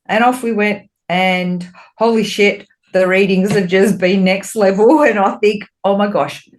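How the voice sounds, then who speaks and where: A woman who co-hosts a podcast and works as a spiritual medium talks candidly and expressively in relaxed conversation, with plenty of swearing. Describing her talks with spirit gets her animated. Her voice is mid-range and unhurried, with slight background noise.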